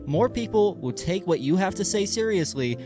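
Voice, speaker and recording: A man's voice: high voice, animated, normal speed, music in the background. Sarcastic male commentary voice-over. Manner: sarcastic, salty. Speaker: commentary YouTuber.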